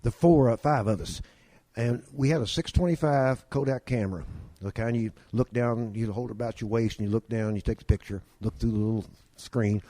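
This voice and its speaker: A Kentucky man with a mellow, mid-range voice tells folksy stories as a guest, talking fairly quickly with no echo. He's a drawling yarn-spinner who does the voices of the people in his tales.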